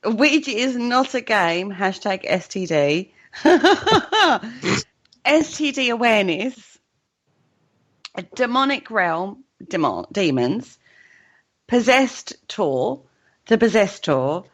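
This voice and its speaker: A woman's voice: mid-range voice, animated, takes it slowly, lo-fi sound. A British woman co-hosting a radio chat show, giggling as she reads items aloud.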